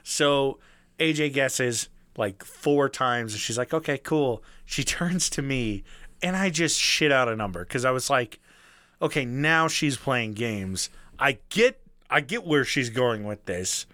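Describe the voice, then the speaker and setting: A young man telling a story in casual chat, animated, swearing freely and acting out the people he quotes. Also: medium pitch, measured pace, no room sound.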